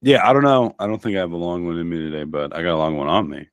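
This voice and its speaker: A man's voice: deep voice, rapid-fire, clean tone, no room sound. A man co-hosting a podcast in casual, joking chat, his voice a little worn from losing it. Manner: joking, wry. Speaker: podcast co-host.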